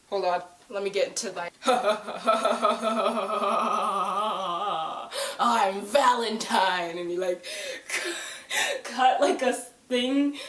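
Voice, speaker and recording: A woman gives a casual recap of a TV episode, her voice sitting at a middling pitch. She is chatty and animated and bursts into high, loud voices when she acts out lines. The recording has a roomy echo. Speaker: TV episode reviewer.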